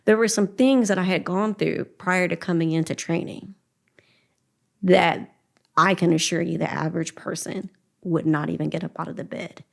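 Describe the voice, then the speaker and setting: A middle-aged woman shares her story as a podcast guest, earnest and emotional. Her voice sits a little low, and she often slips into quoting her own prayers. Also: steady tone, moderate pace, gravelly. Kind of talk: personal testimony in a podcast interview.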